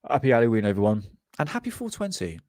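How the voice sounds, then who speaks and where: A man's voice: mid-range voice, huge pitch swings, fast, darkish tone, no echo, studio quality. A man hosting a live stream from his desk, casually chatting, joking, rambling and laughing often.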